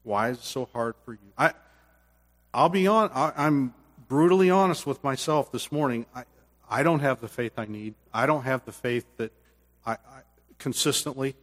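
A man preaching a sermon as pastor, earnest, swinging from loud bursts to hushed quiet, then leading a closing prayer. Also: mid-range voice, moderate pace, in a large hall.

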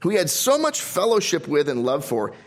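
A man preaching a sermon as pastor, reading scripture aloud and swinging between emphatic loud stresses and quiet drops. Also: on the high side, huge pitch swings, fairly quick. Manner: reads scripture aloud in King James wording.

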